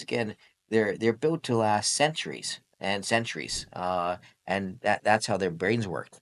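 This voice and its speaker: A man hosting a podcast, chatting casually and rambling with frequent restarts. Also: on the low side. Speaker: podcast host.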